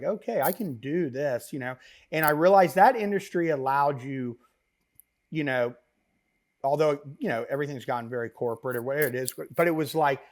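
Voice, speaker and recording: Rambling, animated man telling stories. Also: fairly high pitch. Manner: rambling, animated, many fillers and asides. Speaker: podcast guest, business founder. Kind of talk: casual interview storytelling.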